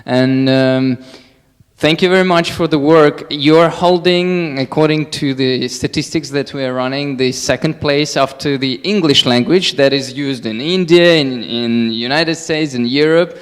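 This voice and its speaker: A man's voice: mid-range voice, measured pace, clean tone. A company representative, a man, giving formal thanks with an appreciative manner and some fillers. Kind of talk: closing thanks. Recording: long hall reverb.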